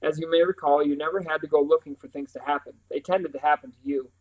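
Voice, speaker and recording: A towering, cryptic old great-uncle in a storybook, voiced by a male reader. He speaks coolly and gravely, measuring every word. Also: a little high, fairly even intonation, fast talker, darkish tone, lightly acted, rough recording.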